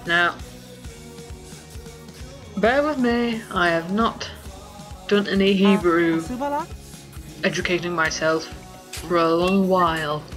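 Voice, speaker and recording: A young woman giving casual gameplay commentary, rambling and giggly as she thinks aloud with many pauses. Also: on the low side, fairly bright tone, soft background music. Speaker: let's play host.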